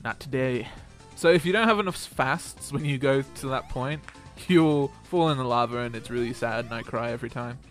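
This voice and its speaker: Loud, swearing young man gaming. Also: mid-range voice, moderate pace, soft background music. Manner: swears a lot, loud outbursts, laughs often. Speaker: co-player. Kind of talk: casual gaming chat.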